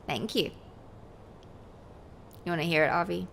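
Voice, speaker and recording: A woman's voice: lowish voice, unhurried, creaky, a bit bright, a little hiss or hum. A woman game streamer rambling casually to her viewers, swearing freely. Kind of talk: casual live-stream chat.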